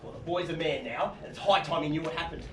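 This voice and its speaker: An actor playing a blunt, crude, indignant uncle in a live stage play recorded from a distant microphone in a roomy space. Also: male voice, a little high, fast, very noisy, natural voice. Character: blustering, indignant middle-aged uncle.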